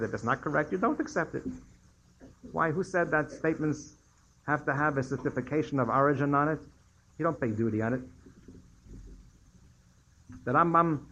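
Older rabbi lecturing with emphatic rises. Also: male voice, fairly high pitch, a bit bright, lo-fi sound. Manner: digressive storyteller, emphatic rises on key points. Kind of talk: lecture with questions from audience.

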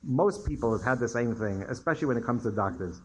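A man's voice: medium pitch, expressive, fast talker, darkish tone, husky, low-quality recording. An older man, a rabbi, lecturing students and taking their questions, telling stories between points and rising sharply for emphasis. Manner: digressive storyteller, emphatic rises on key points.

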